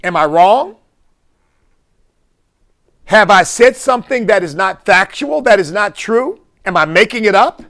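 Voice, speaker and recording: A man's voice: sits high, animated, a little slow, gravelly, long pauses, a bit bright. A man, a bishop, giving impassioned preaching-style commentary full of rhetorical questions.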